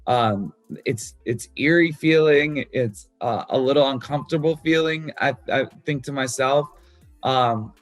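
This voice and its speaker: A man's voice: mid-range voice, a little slow, no echo. Candid man swearing casually about his music. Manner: loose and candid, swears freely, lots of fillers. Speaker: musician discussing his album. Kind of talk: casual talk about songwriting.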